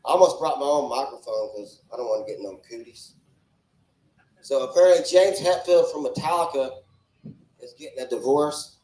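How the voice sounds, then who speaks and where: A man's voice: mid-range voice, moderate pace, a little mellow. A man in his forties doing crude, brash, rambling stand-up at a club open mic with a handheld microphone. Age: 40s. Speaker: stand-up comedian. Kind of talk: stand-up comedy. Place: small comedy club stage. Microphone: handheld stage microphone. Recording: roomy club sound.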